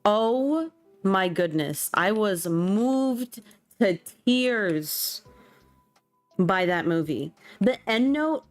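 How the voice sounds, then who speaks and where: A young woman streamer rambles in loose, slang-filled chat as she plays, her voice sitting at an ordinary middle pitch. She jumps between topics with quick exclamations. Soft music plays low behind her. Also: animated, no echo. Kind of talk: casual chat while gaming.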